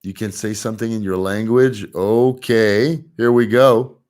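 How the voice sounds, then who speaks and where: A man chats casually on a live stream, replying to viewer comments and laughing easily. His voice sits fairly low. He takes his time with every phrase. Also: steady tone, unhurried, darkish tone. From Montreal, Canada. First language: French.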